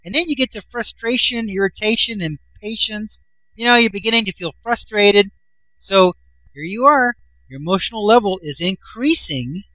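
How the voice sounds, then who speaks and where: A man's voice: high-pitched, lively intonation, normal speed, bright, forceful tone, dry recording, low-quality recording. A man, a self-help author, explaining a chart in a casual, folksy, enthusiastic way, swinging his voice up and down for emphasis.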